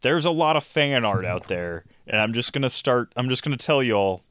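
Wry podcast co-host. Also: male voice, medium pitch, animated, normal speed, fairly bright tone, smooth, dry recording, clean studio sound. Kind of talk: casual podcast chat.

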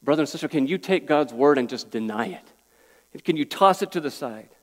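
Man, pastor, fairly high voice, earnest pleading sermon delivery, long hall reverb. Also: lively intonation, normal speed. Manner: earnest, pleading, repeats words at restarts.

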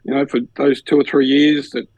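A man's voice: medium pitch, fairly quick, no room sound, poor audio. An Australian man co-hosting a podcast, telling a personal story in casual chat and acting out what others said. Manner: animated storyteller, acts out others' lines. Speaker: podcast co-host.

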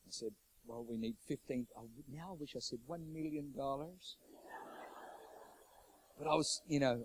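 In this rough recording, a middle-aged pastor preaches with a gravelly, husky male voice of medium pitch. He alternates between urgent, loud declarations and soft, personal stories.

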